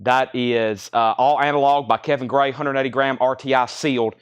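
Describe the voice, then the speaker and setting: A man hosting a live record sale indoors, briskly listing titles and prices in a chatty auctioneer way, a little choked up. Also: mid-range voice, steady tone, smooth. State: slightly choked, coughing. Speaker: livestream record seller. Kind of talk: live sales stream.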